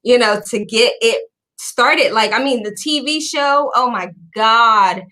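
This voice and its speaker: A woman host chatting casually on a video call, bubbly and animated, laughing often as she tells stories. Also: fairly high pitch, takes it slowly. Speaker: podcast host.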